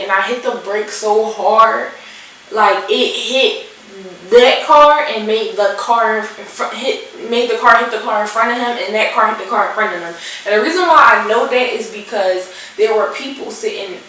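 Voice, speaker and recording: A young woman, animated and swearing, acting out the people in her storytime vlog while she does her makeup. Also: fairly high pitch, measured pace, distant mic. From Philadelphia. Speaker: vlogger. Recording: echoey room, off-mic, faint hiss.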